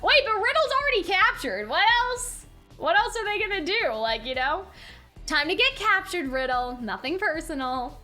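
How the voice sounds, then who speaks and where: A young woman streamer reading along and reacting to a game story in an excitable, giggly way. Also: very high-pitched, moderate pace, faint music behind.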